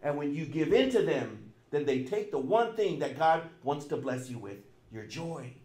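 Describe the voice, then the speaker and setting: A middle-aged man preaching a sermon as pastor, emphatic and repetitive, swinging between loud and soft. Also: a little high, expressive, normal speed, roomy sound.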